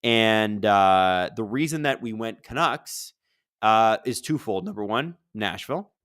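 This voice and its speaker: The man's voice sits on the low side, smooth and measured in pace, recorded dry in clean studio conditions. As host of a live hockey watch-along, he chats casually and rambles with plenty of energy, giving game commentary and reading viewer questions aloud.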